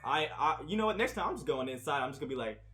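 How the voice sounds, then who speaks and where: Animated young man telling a story. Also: on the high side, very fast. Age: young adult. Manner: animated, swearing, acting out quotes. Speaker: podcast co-host. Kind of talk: casual storytelling chat.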